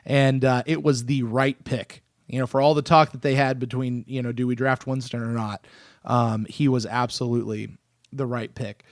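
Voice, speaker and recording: A man in his thirties hosting a casual sports podcast, excitable and animated, often restarting his sentences. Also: medium pitch, normal speed, dry recording, studio quality. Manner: excitable, animated, self-interrupting. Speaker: podcast host.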